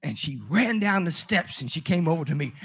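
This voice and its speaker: An older male pastor with a high, gravelly voice that leaps around with lively, animated swings. He preaches in a storytelling way, dropping to hushed asides and rising to loud exclamations. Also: a little fast, a little hiss or hum. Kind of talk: sermon.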